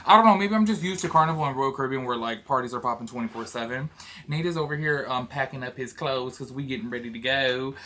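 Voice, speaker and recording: A man's voice: medium pitch, fast, pushed and bright, a little hiss or hum. A man from Georgia, chatting loosely about a cruise in a travel vlog, full of fillers and asides. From Georgia, USA. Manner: chatty and rambling, many fillers. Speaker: vlogger. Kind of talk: casual travel vlog chat. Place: cruise ship cabin.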